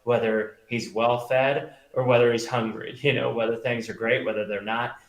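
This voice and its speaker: A man's voice: mid-range voice, little pitch movement, moderate pace. A middle-aged man, a magician and pastor, talking earnestly as a guest and telling stories with many fillers. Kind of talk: conversational interview. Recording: roomy echo.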